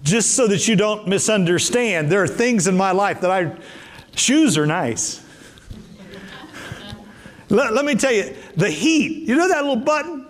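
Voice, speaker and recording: A man with a high voice delivers a sermon, swinging widely between low murmurs and soaring peaks. He hammers phrases through repetition, and his words ring out with a long reverb of a large hall. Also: animated, measured pace, long pauses. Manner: emphatic, repetitive preaching with sudden pitch jumps. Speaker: bishop preaching.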